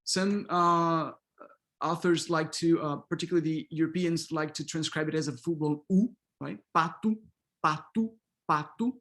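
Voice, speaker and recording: A man's voice: on the high side, fairly even intonation, normal speed, fairly bright tone. A man giving an online pronunciation lecture as a linguistics professor, modeling sounds by repeating example words and checking in with "okay?". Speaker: linguistics professor leading a workshop. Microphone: video call.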